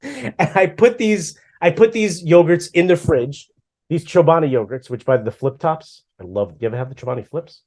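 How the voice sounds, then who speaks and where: A middle-aged man co-hosting a podcast, chatting casually and telling stories with lively acted-out asides. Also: on the high side, normal speed. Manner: animated storyteller, acts out his own past lines. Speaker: podcast co-host. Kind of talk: casual chat.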